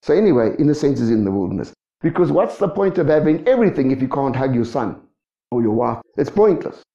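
Gravelly, animated male preacher. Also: medium pitch, quick pace. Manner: lively preaching with rhetorical questions. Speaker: pastor. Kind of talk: sermon. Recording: echoey dull room sound.

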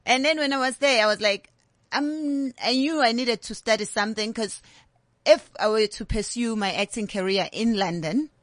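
A woman's voice: a little high, moderate pace, fairly bright tone, no room sound. A middle-aged woman with a South African accent, a guest telling her life story candidly in a casual interview. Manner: candid, storytelling, slips in Zulu words.

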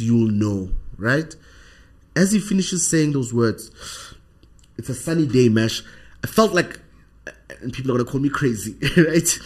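Telling a personal story with plenty of energy, a podcast guest speaks in a husky, mid-range voice with a South African accent. He habitually wraps up sentences by asking "right?".

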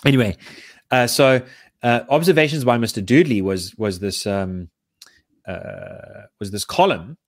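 A man's voice: medium pitch, animated, a little slow, no echo, studio quality. A man chatting casually on a podcast, rambling with lots of restarts as he explains. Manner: rambling, many fillers and restarts. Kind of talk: casual chat.

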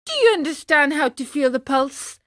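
A woman voicing a frightened puppet boy who wails and sobs in a high voice. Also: animated, normal speed, a bit bright, no echo, studio quality. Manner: high wailing, sobbing.

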